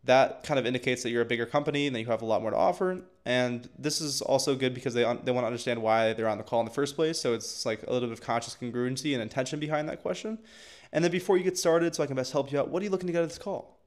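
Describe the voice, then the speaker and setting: Male coach, casual teaching tone, loose and chatty, lots of fillers, mid pitch. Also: racing. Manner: loose and chatty, heavy filler words and restarts. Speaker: agency coach. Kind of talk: casual teaching of sales calls.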